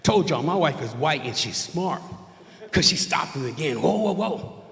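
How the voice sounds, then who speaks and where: A middle-aged man performing a self-mocking stand-up set on a church stage, chatting with the crowd and tossing them quick questions. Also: fairly high pitch, expressive, fairly bright tone. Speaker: stand-up comedian. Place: church stage with a live audience. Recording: echoey hall, long reverb.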